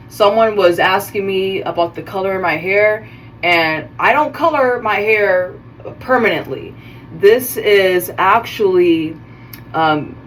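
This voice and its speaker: Slow-talking woman, chatty and rambling. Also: mid-range voice, distant mic, poor audio. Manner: rambling and chatty, correcting herself mid-sentence. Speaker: host of a self-care video series. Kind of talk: casual chat while styling her hair. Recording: voice a bit off-mic, faint background noise.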